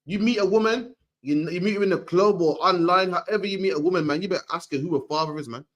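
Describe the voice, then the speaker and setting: A man's voice: sits high, fast talker, a bit bright, muffled recording. A man giving an emphatic preaching lecture, ending his lines with "man". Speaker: street preacher.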